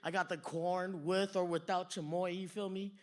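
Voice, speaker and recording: In a comedy club, a male stand-up comic tells rambling, profane stories, slipping into quoted voices. His voice sits high, and his delivery is flat at a normal speed.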